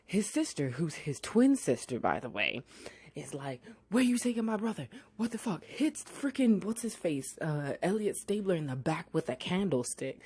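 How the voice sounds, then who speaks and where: A podcast reviewer recapping a TV episode in a casual, profane way, with sarcastic asides and lively put-on voices for the characters. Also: medium pitch, breathy edge. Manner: blunt, sarcastic asides, heavy swearing; drawn-out, animated voices when quoting characters.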